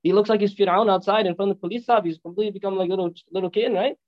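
A man preaching a sermon in an animated storytelling way, asking rhetorical questions and using Arabic religious phrases. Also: high voice, very fast, lo-fi sound. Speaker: Islamic preacher.

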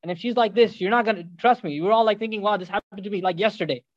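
Fast high-voiced man telling a sermon story. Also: no echo, dull audio. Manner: animated retelling with joking asides to the audience. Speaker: preacher.

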